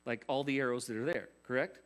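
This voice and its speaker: A man's voice: medium pitch, quick pace, a bit bright. A man preaching a sermon as pastor, conversational, with rhetorical questions and jokey asides.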